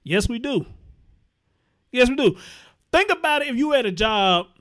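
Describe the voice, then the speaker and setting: Host, male, high-pitched, blunt and profane live commentary, repeats lines for emphasis. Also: big pitch swings, moderate pace, fairly bright tone.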